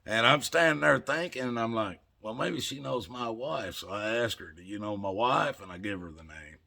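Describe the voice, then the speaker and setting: Gravelly older man telling folksy stories. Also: mid-range voice, expressive, moderate pace, bright, forceful tone. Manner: folksy, rambling, chuckles while telling. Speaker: vlogger. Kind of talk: casual storytelling.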